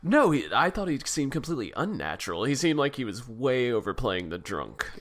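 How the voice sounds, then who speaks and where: A podcast co-host chats casually about a film in a medium-pitched, very animated voice at a fairly quick clip. He laughs often and sounds critical and exasperated.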